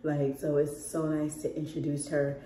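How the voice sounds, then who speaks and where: A young woman, ill and losing her voice, chats to camera indoors at home, laughing often and addressing her viewers directly. She speaks at a moderate pace, and her low, dark voice has little pitch movement.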